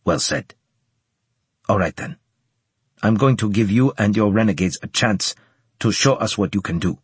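A man voicing a stern, humorless male senior officer with a slight Japanese accent, speaking in a measured, grave way. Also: lowish voice, animated, breathy edge, no room sound.

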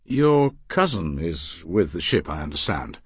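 A man reading as an older businessman, measured and gently reasoning, in a husky, low voice. His tone is quietly kind. The recording is dry and close. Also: very animated, dry recording, exaggerated voice. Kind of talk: audiobook character reading.

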